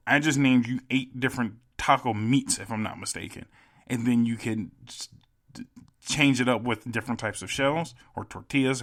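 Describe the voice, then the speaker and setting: A man's voice: medium pitch, fairly bright tone. A young man hosting a solo podcast, ranting casually and emphatically with plenty of swearing. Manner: profane, emphatic, ranting with laughs. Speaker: podcast host. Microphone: home podcast mic.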